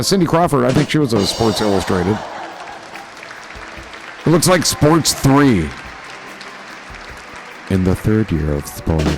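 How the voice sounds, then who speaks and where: Gravelly joking man reading chat. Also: medium pitch. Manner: joking and profane, riffing on chat messages. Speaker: livestream host. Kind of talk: casual chat reading viewer comments aloud.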